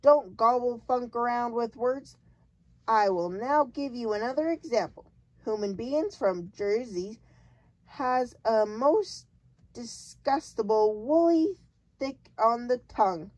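A woman voicing a big, muddled but kindly male giant who mangles his grammar, reading slowly in a dry, close recording. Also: lively intonation, a little mellow, dry recording, highs cut off. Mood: insistent. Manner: jumbled grammar, booming and emphatic.

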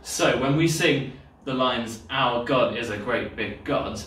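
A man's voice: medium pitch, takes it slowly, slight background noise. A man leading children's worship in a cheerful, encouraging way, explaining to the kids at home. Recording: echoey room, distant mic, loud guitar. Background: own guitar playing.

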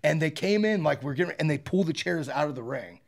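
A man's voice: on the high side, fast talker, gravelly. A man in his thirties, a pro wrestler, telling stories in a casual interview, acting out quotes and swearing freely. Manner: animated storyteller, acts out quotes, swears freely.

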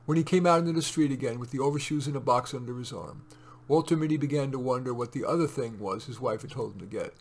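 Male reader, mid pitch, steady measured story narration. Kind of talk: reading a short story aloud.

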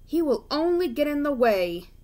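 A woman's voice: a little high, fairly even intonation, unhurried, dark tone. A woman voicing a pompous, haughty male express engine in a storybook reading, sniffing and wheezing her way through his lines. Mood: scornful.

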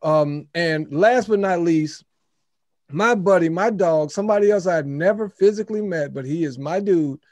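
Upbeat high-voiced Southern man hosting. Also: normal speed, darkish tone, no echo. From Memphis, Tennessee. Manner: upbeat, laughs often, repeats phrases. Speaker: webinar host. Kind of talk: casual webinar talk. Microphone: video call.

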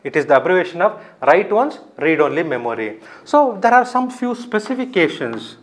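A man with a slightly raised pitch delivers a recorded lecture. He explains step by step, repeats key terms and answers his own questions as he goes. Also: very animated, moderate pace.

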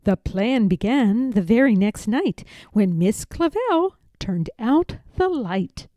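Slow and rhythmic, a woman reads aloud from a rhyming picture book for children, never rushing. Her rather high, mellow voice carries a lively sing-song lilt, captured up close in a dry recording free of room sound.

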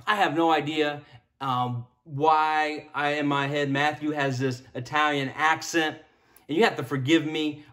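A man's voice: on the high side, a bit bright. A man preaching a casual sermon as pastor, chatty and joking, often restarting his sentences.

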